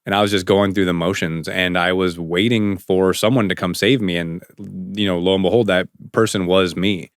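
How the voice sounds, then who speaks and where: A man with a very low, deep voice hosts a podcast interview. He speaks earnestly and with emphasis. The recording is dry and close on a studio mic. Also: steady tone, moderate pace, hardly any pauses, smooth, no echo. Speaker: podcast host.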